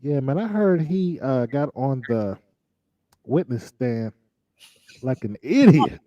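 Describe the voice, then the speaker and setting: A man co-hosting a relaxed talk show, drawling and throwing in mocking asides. His voice is mellow and dark, and the recording sounds dry and a little dull. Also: medium pitch, slow, no room sound. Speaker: podcast co-host. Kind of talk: casual chat.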